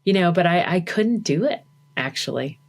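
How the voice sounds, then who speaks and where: A woman's voice: on the low side, lively intonation, normal speed. Chatty woman with lots of "like" fillers. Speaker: podcast guest. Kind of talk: casual conversation.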